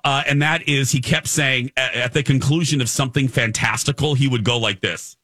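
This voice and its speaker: A man hosting a radio talk show, telling a comic story in an animated, exasperated way with many restarts. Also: mid-range voice, fairly quick, no echo.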